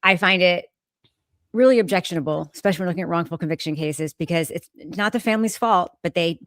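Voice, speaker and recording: Female co-host from New Hampshire, lower voice, direct and teasing, dry mic. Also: fast talker, no echo. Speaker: podcast co-host. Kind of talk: casual chat.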